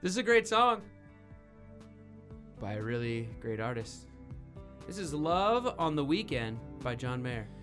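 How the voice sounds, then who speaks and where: Guy hosting a radio show, super animated, bit of music behind him. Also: mid-range voice, a little slow, pauses often. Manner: animated, teasing, rambling. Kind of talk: casual radio banter.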